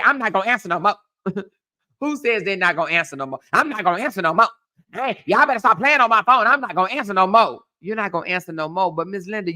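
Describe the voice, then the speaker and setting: A woman in her fifties, a blogger chatting casually and reading out viewer comments in a sassy, animated way. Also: fairly low pitch. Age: 50s. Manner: sassy, animated, calls listeners honey and baby.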